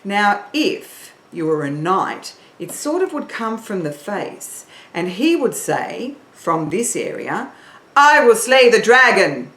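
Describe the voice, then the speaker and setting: A woman singing teacher leading an online warm-up, encouraging and counting in her learners. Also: on the low side, sing-song, takes it slowly, hardly any pauses, reverberant.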